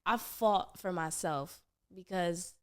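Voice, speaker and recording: A woman's voice: on the low side, takes it slowly, a little mellow, smooth. A young woman with a New York accent, a rapper chatting casually in an interview, laid-back and slangy, laughing often. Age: young adult. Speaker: rapper guest.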